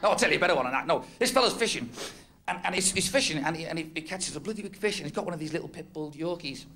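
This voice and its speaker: This stand-up comedian from North West England has a fairly high pitch, lively intonation and a sharp tone, and he races along. On a club stage, he rambles through self-mocking material, frequently cracking up at his own gags, in a noisy old recording backed by audience laughter.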